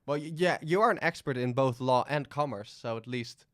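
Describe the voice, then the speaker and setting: A man's voice: mid-range voice, moderate pace. A man from the Netherlands, hosting a casual interview podcast and asking curious, teasing questions. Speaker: podcast host.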